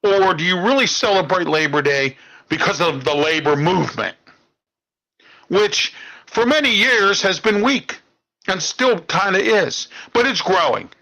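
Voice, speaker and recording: A man's voice: high voice, lively intonation, unhurried, sharp tone, low-quality recording. A man, hosting a talk show and delivering an indignant political monologue, ending phrases with "okay?". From Pittsburgh area. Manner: ranting, indignant, repeats "okay?" and "all right?".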